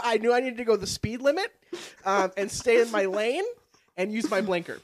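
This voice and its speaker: A man's voice: sits high, moderate pace. A young man hosting a podcast, telling a story in casual chat and swearing freely. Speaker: podcast host.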